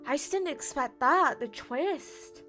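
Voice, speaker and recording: A woman's voice: sits high, lively intonation, takes it slowly, pushed and bright, soft background music. A woman gaming streamer reacting to a game's ending, emotional and rambling, with lots of fillers.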